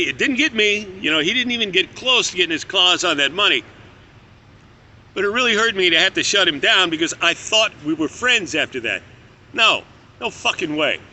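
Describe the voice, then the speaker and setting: Male storyteller, high-pitched, very sharp, bright tone; candid and profane, casual delivery. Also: slight background noise.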